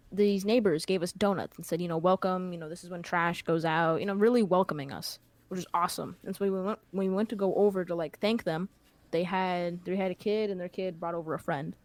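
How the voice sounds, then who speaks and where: A woman's voice: lowish voice, a little fast, no room sound. A young woman hosting a podcast, telling a long anecdote in a casual, rambling way with plenty of fillers. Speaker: podcast host. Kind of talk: casual storytelling chat.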